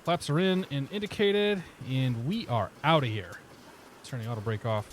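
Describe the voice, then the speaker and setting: A man's voice: mid-range voice, moderate pace, slight background noise. Chatty man with a vaguely Midwestern accent. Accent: vaguely Midwestern with some Boston flair. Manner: relaxed, chatty, reads back clearances in pilot radio style. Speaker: flight sim streamer. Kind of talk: casual gameplay commentary with radio calls.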